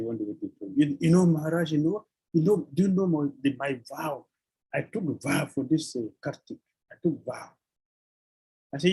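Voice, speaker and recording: Husky man giving a devotional sermon. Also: on the high side, darkish tone, rough recording. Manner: repeats phrases, chuckles, uses devotional terms. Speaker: swami giving a scripture lecture.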